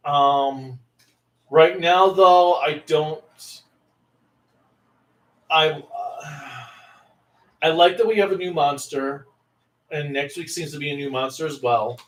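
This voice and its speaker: A man's voice: on the high side, slow, pauses often. A man chatting casually in a lukewarm, hesitant way, with many fillers. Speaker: co-host. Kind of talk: casual reaction chat. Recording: echoey room, far from mic.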